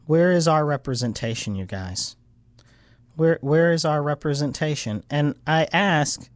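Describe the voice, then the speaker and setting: An American man hosts a casual political livestream, ranting in a rambling, frustrated way as his voice swings up into heated outbursts. His pitch is fairly high and his pace unhurried, on a dry recording.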